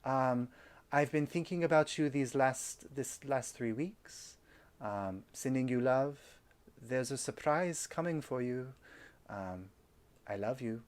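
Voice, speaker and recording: Doting fantasy mother, soft and affectionate, voiced by a man at the table, medium pitch. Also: expressive, takes it slowly. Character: loving, doting mother sending a magic message.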